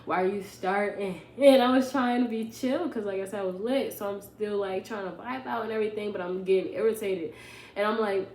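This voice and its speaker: A young woman vlogger, telling a story in a casual, animated, rambling way and often correcting herself. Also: medium pitch, a little fast, a little hiss or hum. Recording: echoey room with faint ambience.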